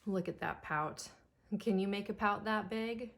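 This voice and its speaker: A woman teacher reading a picture book aloud to preschoolers, slow and expressive. She speaks at an unhurried pace with a medium pitch, drawing the children in with questions. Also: vocal fry.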